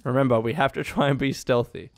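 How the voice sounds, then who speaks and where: A young man giving excitable, swearing let's play commentary, laughing often. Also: mid-range voice, quick pace, dry recording. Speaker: gaming youtuber.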